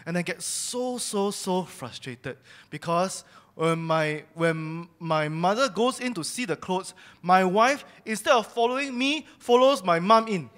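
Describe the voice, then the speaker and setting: A man's voice: high voice, lively intonation, measured pace, hardly any pauses, fairly bright tone. A young man giving a personal testimony sermon at church, telling his story candidly and confessing his own faults. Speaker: church speaker sharing testimony.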